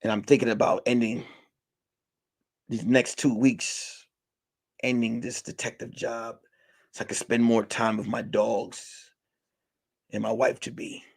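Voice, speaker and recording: Husky man narrating mock detective noir. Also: medium pitch, level tone. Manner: slow dramatic narration with crude asides. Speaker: comedian and podcast host.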